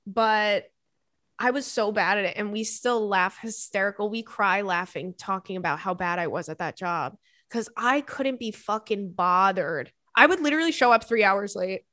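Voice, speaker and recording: Animated woman host on a tangent. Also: medium pitch, moderate pace, no room sound, studio quality. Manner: animated, swearing, laughing tangents. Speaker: podcast host reading listener emails. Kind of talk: casual chat.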